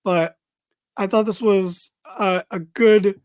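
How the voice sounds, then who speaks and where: A man's voice: sits high, steady tone, slow, darkish tone, dry recording. A man hosting a casual wrestling podcast, recapping a show in a loose, chatty way with lots of fillers and the odd swear.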